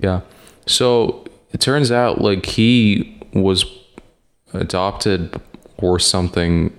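A man's voice: sits low, extremely slow. A man hosting a podcast in casual chat, rambling and hesitant with lots of fillers and casual swearing. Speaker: podcast host.

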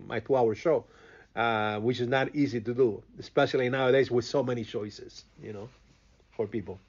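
A man from Cuba speaks English in a relaxed interview. He hesitates, repeats himself and pauses to find words. The audio is slightly muffled. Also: mid-range voice. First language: Spanish. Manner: hesitant, many fillers and restarts while searching for words. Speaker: radio host, interview guest. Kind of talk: casual interview talk.

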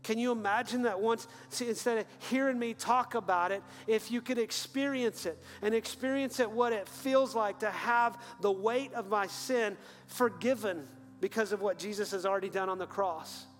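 A man preaching an earnest sermon as pastor, then leading a quiet prayer. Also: sits high, moderate pace. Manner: earnest, building to fervent then hushed prayer. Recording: long hall reverb with faint music.

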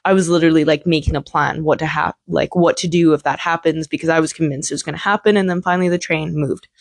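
A woman's voice: low-pitched, dry recording. Candid young woman telling a personal story. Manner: candid, rambling, heavy swearing and filler "like". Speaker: podcast host.

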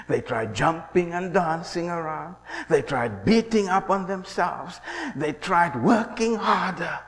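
Male preacher, high voice, dramatic sermon, long hall reverb. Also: a little hiss or hum. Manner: dramatic, swings from shouting to hushed murmur. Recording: echoey hall.

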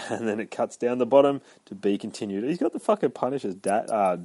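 A man's voice: lowish voice, lively intonation, a little fast, mellow, breathy edge, no echo. A man hosting a comic book podcast, recapping an issue in a rambling, heavily profane casual chat with ranty asides.

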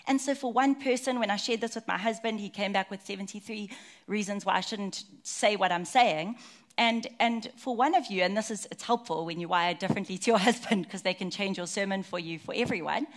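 A woman's voice: medium pitch, a little fast. A woman, preaching to her church. She talks in a chatty, personal way and keeps stopping for stories and asides. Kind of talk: sermon.

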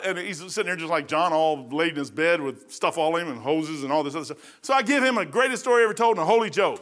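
A man's voice: sits high, expressive, fast talker, hardly any pauses, sharp tone. A man preaching a folksy sermon, rambling through stories and laughing at his own jokes.

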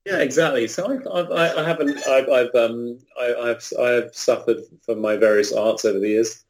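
A man's voice: medium pitch, fairly even intonation. Self-deprecating British man. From Britain. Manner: self-deprecating, halting with restarts. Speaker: guest author. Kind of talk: casual interview chat.

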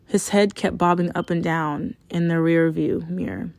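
Young woman, low-set voice, blunt and cursing storyteller, dry close sound. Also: normal speed, gravelly, dry recording. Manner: frank and profane, animated retelling. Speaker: storyteller sharing a personal experience. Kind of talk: casual personal storytelling.

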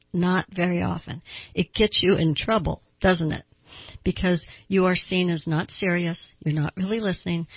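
Chatty husky woman on talk radio. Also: on the low side, no echo, lo-fi sound. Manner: chatty, explanatory, acts out quotes with a raised voice. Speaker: radio talk host and counselor. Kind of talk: conversational talk radio monologue.

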